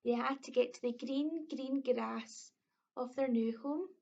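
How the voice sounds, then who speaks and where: A woman with a Scottish accent reading a children's story aloud, expressive, slow and clear. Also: high voice. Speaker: early years storyteller. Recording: dull lo-fi recording.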